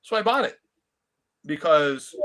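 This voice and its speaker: A man, telling stories in a casual, animated way on a video call. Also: a little high, measured pace. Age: 50s. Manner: storytelling, animated. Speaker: comic collector guest. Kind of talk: casual chat.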